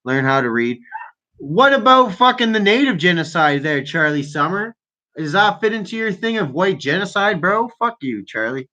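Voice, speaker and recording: A young man from Canada talks over the phone as a call-in host. His voice is bright and forceful, and it sits a bit high. He jeers and swears freely. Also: very animated, normal speed. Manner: brash, mocking, swears a lot. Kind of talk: profane casual chat. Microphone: telephone.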